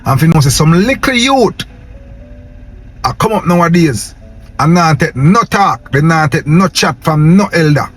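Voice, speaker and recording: Over soft background music, a young Patois-speaking Jamaican vlogger preaches passionately to camera in a casual rant, peppering it with "yo" and "man." He sounds fairly high-pitched, husky and animated, moving at a moderate pace.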